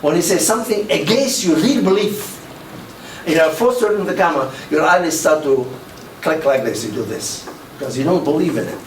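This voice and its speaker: A man's voice: on the high side, expressive, brisk. An older man giving a public lecture, telling anecdotes and acting out the quoted dialogue with animation. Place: mosque hall. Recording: roomy, distant mic with faint noise.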